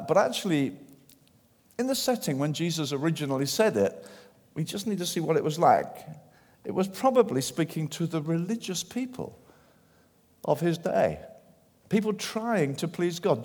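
A man preaching a sermon in church, animated and acting out the voices of people he quotes. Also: fairly high pitch. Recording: long hall reverb.

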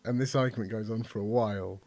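A man's voice: fairly low pitch, steady tone, quick pace, darkish tone, dry recording. A man on a comedy podcast, improvising a rambling joke and often giggling.

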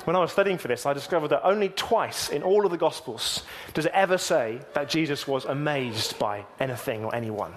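A man gives a Sunday sermon with a slightly raised voice. He reads scripture in a measured way, then unpacks it for his listeners. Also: fairly high pitch. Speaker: preacher.

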